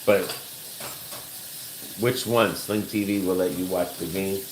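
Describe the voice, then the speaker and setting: A man co-hosting a casual home livestream, explaining things slowly with halting fillers while reading out viewer comments. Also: low voice, fairly even intonation, a little hiss or hum. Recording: echoey room.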